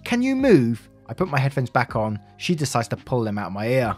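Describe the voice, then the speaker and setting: Male story narrator, mid-pitched, casual chatty asides, faint music bed. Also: quick pace. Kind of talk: reading online stories aloud.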